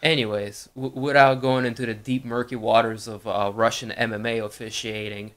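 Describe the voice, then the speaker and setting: A man co-hosts a casual sports podcast in a measured, easygoing manner. His voice sits at an ordinary middle pitch. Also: flat delivery, fairly bright tone. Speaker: podcast co-host. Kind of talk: casual chat.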